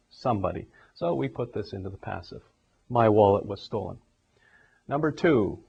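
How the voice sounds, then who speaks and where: A man's voice: mid-range voice, a little mellow, slightly rough. A man teaching a grammar lesson, walking through numbered examples one step at a time. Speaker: English teacher. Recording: dull lo-fi recording.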